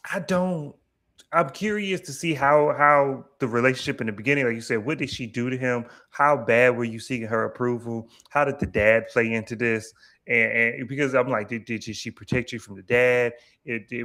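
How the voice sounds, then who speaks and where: Man, mid-range voice, halting, repeats words, thinking aloud, casual co-host. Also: mid-range voice, a bit bright. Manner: hesitant, repeats words, musing. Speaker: podcast co-host. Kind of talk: casual chat reviewing a TV episode.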